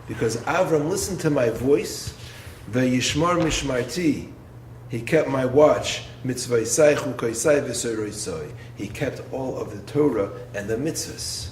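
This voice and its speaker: A man, a rabbi, giving a Torah lecture in an expressive way, posing rhetorical questions and swinging from low, quiet phrases to raised ones. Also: measured pace. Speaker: rabbi and yeshiva head. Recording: roomy echo with faint background noise.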